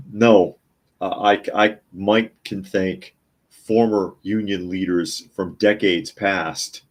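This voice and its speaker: Guy with a really low voice running a casual news podcast from his home office, reads headlines then weighs in. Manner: chatty, reads headlines aloud and comments. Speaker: podcast host.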